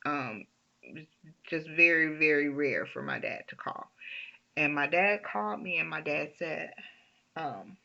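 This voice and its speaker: A woman telling a personal story in a halting way, often restarting her sentences, on a dull lo-fi recording. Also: sits low, lively intonation, gravelly, sharp tone.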